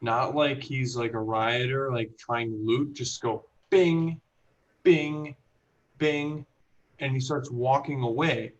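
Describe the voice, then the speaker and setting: A man's voice: mid-range voice, a little slow, few pauses. A man in casual chat with friends, retelling a video with acted-out quotes and plenty of swearing. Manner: animated storytelling, acts out quotes, swears freely. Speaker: podcast co-host. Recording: muffled lo-fi audio.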